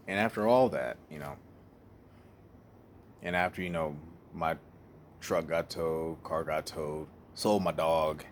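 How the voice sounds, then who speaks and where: A young man with a very low, deep voice tells his own hard story, raw and candid, cursing freely and breaking off to restart his sentences. A faint hiss of background noise sits under the recording. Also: normal speed, long pauses. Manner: emotional, candid, profane, trails off and restarts. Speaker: speaker sharing life story. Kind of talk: personal storytelling monologue.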